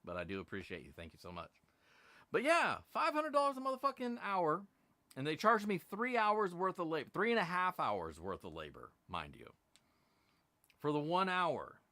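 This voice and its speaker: A middle-aged man rants on a live stream with a bright, forceful voice, and his pitch swings widely as he tells the story. He swears freely and sounds exasperated. The sound is dry and close. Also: no room sound. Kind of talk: casual ranting live stream.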